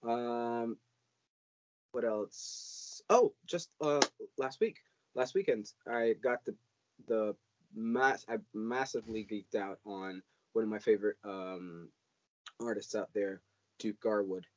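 A podcast co-host with a lowish, darkish voice speaks slowly in casual chat, rambling with many fillers and restarts. The audio is dull and lo-fi with slight background noise.

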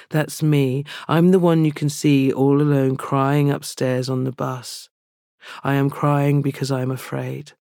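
Slow, flat-voiced male spoken-word poet. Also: on the high side, no echo, clean studio sound. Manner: slow, even, intimate delivery. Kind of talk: confessional spoken-word poetry.

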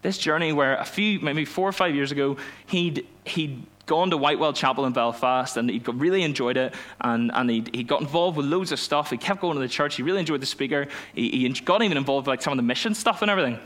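A young man, a youth pastor telling a personal story in a sermon, animated and self-mocking, acting out the dialogue. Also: medium pitch, fast talker, hardly any pauses. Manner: animated storytelling, laughs at himself, acts out dialogue.

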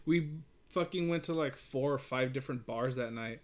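A man's voice: mid-range voice, normal speed. Rambling, profane male storyteller. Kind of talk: casual chat.

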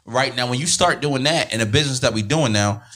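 A man hosting a casual podcast conversation, talking over others to finish his point. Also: medium pitch. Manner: fast, forceful, talks over others. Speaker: podcast host.

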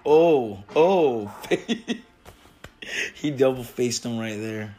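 A man hosting a casual reaction chat from a garage, loud and profane, breaking into shouts and laughter. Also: medium pitch, measured pace. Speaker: host of a smoking stream show.

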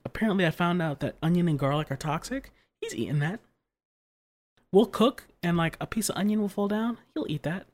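Co-host, mid-range voice, animated exasperated storytelling in casual chat. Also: mid-range voice, a little fast. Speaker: podcast co-host.

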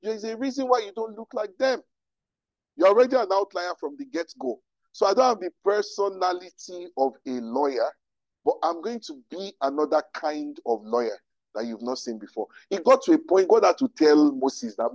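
A man, a pastor teaching to a live audience with animated rhetorical questions. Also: high-pitched, normal speed, dry recording, rough recording. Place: room with an audience.

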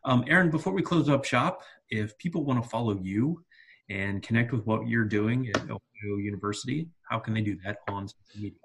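A man's voice: on the low side, brisk, creaky, noisy background. A man co-hosting a coaching podcast, talking in an earnest, reflective way with frequent fillers and restarts. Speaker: podcast co-host, soccer coach. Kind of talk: casual podcast chat.

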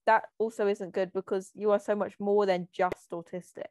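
A young woman co-hosting a podcast over a call, talking fast and freely with a self-deprecating edge. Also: medium pitch, flat delivery, a little mellow, no echo. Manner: fast, chatty, self-deprecating, laughs often. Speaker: podcast co-host. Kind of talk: casual chat. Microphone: remote call.

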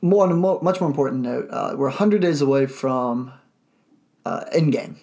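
A young man hosting a casual podcast, leading the talk with quick jokes and asides. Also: mid-range voice, darkish tone. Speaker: podcast host. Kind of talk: casual chat.

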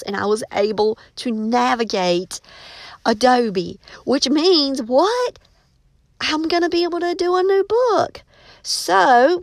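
Gushing, fairly high-voiced woman author. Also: gravelly, no room sound. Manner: enthusiastic, gushing. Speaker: children's book author; teacher. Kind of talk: casual chat to viewers.

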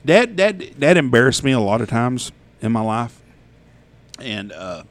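A man's voice: medium pitch, a little slow, no room sound. A man, telling stories in a casual, profane chat. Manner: animated, profane storytelling.

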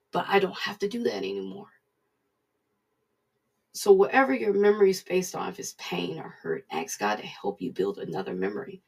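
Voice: medium pitch, vocal fry, husky, distant mic. A preacher giving a casual devotional talk, conversational and repeating points for emphasis.

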